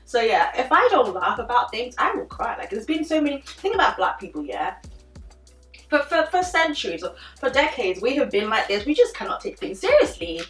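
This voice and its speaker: A woman's voice: on the high side, fairly quick. Chatty woman vlogging in a roomy space. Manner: chatty and animated, frequent "like" fillers. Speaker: beauty vlogger. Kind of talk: casual chit-chat vlog. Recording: roomy sound, a little distant from the mic, faint music behind.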